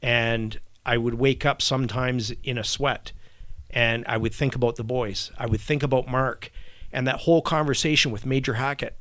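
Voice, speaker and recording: A middle-aged man speaks as a podcast guest, recounting his own story slowly and reflectively. He often stumbles, restarts, and repeats words. His voice sits at an ordinary pitch for a man, and the recording is close and dry with no room sound. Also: steady tone, fairly bright tone, dry recording. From Canada. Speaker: guest, retired army warrant officer. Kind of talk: personal storytelling in a podcast interview.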